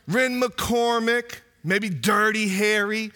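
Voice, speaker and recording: A male pastor, preaching a sermon in an animated, conversational way full of asides. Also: sits high, slow pace.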